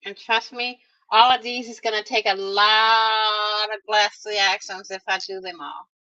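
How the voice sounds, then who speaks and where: Bright-voiced woman chatting through a craft tutorial. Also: mid-range voice, little pitch movement, unhurried. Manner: chatty, talks to viewers directly, playful little exclamations. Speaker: craft vlogger. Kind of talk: casual crafting tutorial narration. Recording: dull lo-fi recording.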